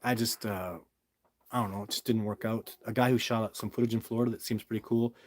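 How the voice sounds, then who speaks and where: A man's voice: lowish voice, steady tone, fairly quick, no echo. A middle-aged man hosting a live question-and-answer stream, talking in an emphatic, rambling, storytelling way. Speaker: Bigfoot researcher answering viewer questions. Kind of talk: live stream Q&A, casual monologue.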